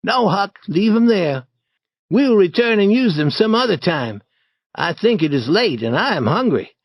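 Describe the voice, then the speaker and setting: A man voicing an eager, bold young boy adventurer in an audiobook, with excited, insistent lines. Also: sits high, unhurried, no room sound, studio quality, pitched above the performer's own voice, full character voice.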